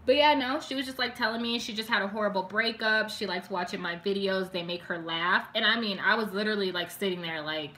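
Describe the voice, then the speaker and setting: A woman's voice: mid-range voice, brisk, hardly any pauses, sharp tone. A young woman chatting live with her viewers, talking emotionally and full of "like," stopping now and then to read their comments. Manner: chatty and emotional, heavy use of "like", reads viewer comments aloud. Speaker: beauty vlogger doing a live stream. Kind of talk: casual chat with live viewers.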